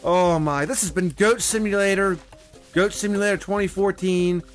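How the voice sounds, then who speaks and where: Excitable high-voiced male gamer. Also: normal speed, soft background music. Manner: excitable, swears often, frequent loud outbursts. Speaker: gaming channel host. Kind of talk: casual gameplay commentary.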